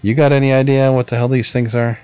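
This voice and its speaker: A man's voice: medium pitch, little pitch movement, fast talker, dark tone, clean tone. A man co-hosting a casual podcast who swears a lot and jokes sarcastically. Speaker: podcast co-host. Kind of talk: casual chat with a soundboard. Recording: dull lo-fi sound with faint music.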